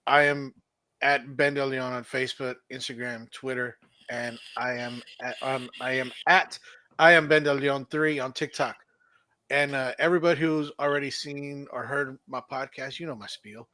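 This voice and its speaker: Joking Texan podcast co-host. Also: male voice, medium pitch, steady tone, normal speed, sharp tone, dry recording. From Texas. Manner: joking, self-promoting, chatty. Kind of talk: casual podcast chat.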